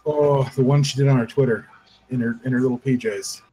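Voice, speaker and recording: A man's voice: medium pitch, fairly even intonation, a little fast, warm tone, rough recording. A man guest on a live-streamed podcast, chatting casually and hesitantly, often repeating words and restarting his sentences.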